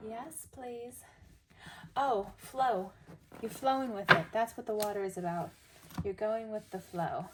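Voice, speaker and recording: A woman's voice: mid-range voice, a little slow, very noisy. Chatty woman giving a tarot reading. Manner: chatty, reads card meanings aloud then riffs on them; talks straight to the viewer, upbeat and coaxing. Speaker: tarot reader. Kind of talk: casual tarot reading to viewers.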